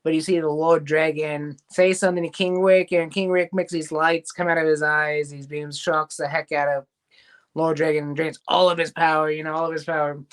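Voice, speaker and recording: Brief: male host, higher-pitched, rambling casual episode recap. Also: little pitch movement, moderate pace, smooth. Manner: rambling recap, loose quoting of scenes. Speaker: show host reviewing a cartoon series. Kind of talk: casual review chat.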